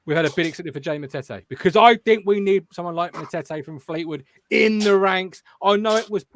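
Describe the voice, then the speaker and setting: A man's voice: high-pitched, a little fast, a little hiss or hum. A man with an English accent hosting a football fan show, chatting casually and reading out viewer comments. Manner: banter, reads viewer comments aloud.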